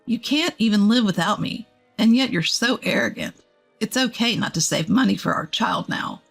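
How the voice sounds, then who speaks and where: A woman's voice: mid-range voice, animated, normal speed, creaky, husky, soft background music. A woman, a text-to-speech narrator, voicing an arrogant, dismissive husband in a curt, scornful way.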